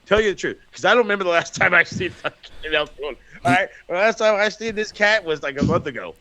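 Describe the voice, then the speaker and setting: A man co-hosting a wrestling podcast in casual chat, telling stories in an animated, profane way with lots of restarts. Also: high-pitched, quick pace, no echo. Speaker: podcast co-host.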